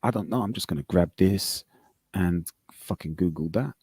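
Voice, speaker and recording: A man's voice: deep voice, normal speed, a little mellow, breathy edge, no echo. A man on a live podcast call, arguing casually, swearing and reading aloud off his screen. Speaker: podcast host.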